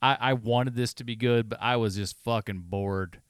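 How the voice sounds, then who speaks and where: A man co-hosting a podcast, chatting casually about movies, animated and swearing freely. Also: mid-range voice, normal speed, smooth, no echo, clean studio sound. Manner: animated, swears freely, acts out his reactions. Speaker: podcast co-host. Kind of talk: casual movie review chat.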